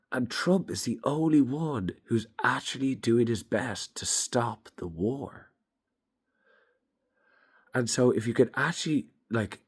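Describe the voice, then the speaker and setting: A man's voice: medium pitch, husky. A young man giving a blunt, emphatic opinion monologue to camera, swearing freely. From Ireland. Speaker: vlogger.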